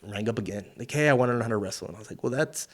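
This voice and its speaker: Speaking at a racing clip with a fairly low pitch, a middle-aged man from South Texas spins yarns as a wrestler guesting on an interview program. He curses freely, stays animated, and mimics the voices of everyone in his tales.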